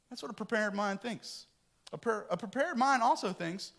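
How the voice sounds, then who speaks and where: A middle-aged man preaching a lively, joking sermon to his congregation in a church. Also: high-pitched, moderate pace, vocal fry. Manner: animated, joking and talking with the congregation. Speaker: pastor. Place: church sanctuary.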